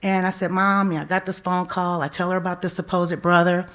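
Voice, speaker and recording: A woman's voice: on the low side, level tone, a little fast, a bit bright. A woman in her forties telling a personal family story to a live audience, conversational and full of quoted dialogue. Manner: conversational, quoting family members, frequent "you know" and laughs. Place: museum event stage.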